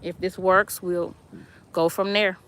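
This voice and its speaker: A woman's voice: on the low side, little pitch movement, slow pace, a bit bright, smooth. A middle-aged woman, chatting casually on a live stream from her yard and reading viewer comments aloud between laughs. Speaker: vlog host. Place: outdoors in a yard.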